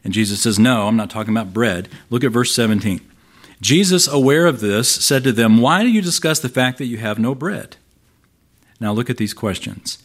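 A man delivers a sermon in an easy, conversational tone, breaking down a scripture passage for his listeners. His voice sits at a middle pitch, and he punches up the quoted lines as he reads them aloud. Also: lively intonation, normal speed. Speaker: pastor.

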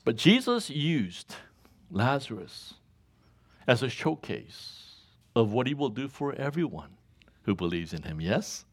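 A man preaching a sermon, reading scripture and asking the congregation to finish his lines, chuckling often. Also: measured pace. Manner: call-and-response questions to congregation, chuckles often; reads scripture aloud, rises in pitch when animated. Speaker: pastor.

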